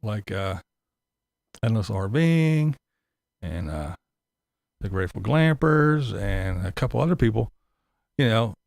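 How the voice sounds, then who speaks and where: Gravelly, sarcastic ranting man. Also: fairly low pitch, animated, slow pace, long pauses, darkish tone, dry recording. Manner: profane, sarcastic, mocking. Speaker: YouTube commentator. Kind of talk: ranting commentary.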